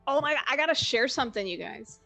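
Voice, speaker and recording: Woman, excitable, cheering, dry close sound, faint music. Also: sits high, fast, vocal fry, no room sound. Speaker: player. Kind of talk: casual livestream chat.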